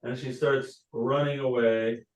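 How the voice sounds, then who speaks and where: A man narrating as game master, pausing often with fillers and restarts. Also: medium pitch, steady tone. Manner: halting, many fillers and restarts.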